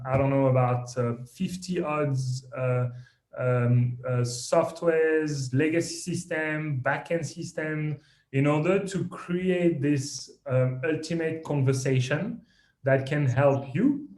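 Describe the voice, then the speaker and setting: A man with a strong French accent speaks as a podcast guest. His voice sits a bit high, and he talks with animated, self-deprecating energy, often restarting his sentences. The recording has a noticeable room echo. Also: slow. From France. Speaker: guest, company founder. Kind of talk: podcast interview.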